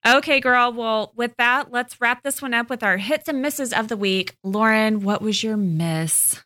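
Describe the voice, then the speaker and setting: A woman's voice: fairly high pitch, bright, forceful tone. A woman co-hosting a podcast in a casual chat, upbeat and full of playful banter. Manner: upbeat, quick reactions, playful "girl" banter. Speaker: podcast co-host.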